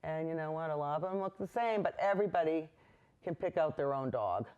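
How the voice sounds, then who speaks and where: A painting instructor talks viewers through a lesson in an indoor studio. The voice sits in a middle pitch. The delivery is easygoing and reassuring, and it keeps wandering off into personal asides before coming back to the brushwork. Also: animated, brisk, darkish tone, clean tone, dull audio. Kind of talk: chatty on-camera painting lesson.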